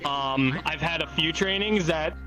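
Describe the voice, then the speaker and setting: A man being interviewed as a team leader, loud and laughing, his voice strained from screaming. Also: fairly high pitch, unhurried, over music. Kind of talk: excited casual interview. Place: online virtual-reality game session.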